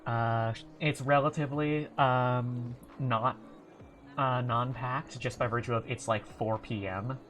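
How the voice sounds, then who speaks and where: A man narrating a tabletop game as its game master. His talk is casual and rambling, dotted with fillers. He speaks at a middle pitch, over faint background music. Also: fairly even intonation, slow pace, fairly bright tone.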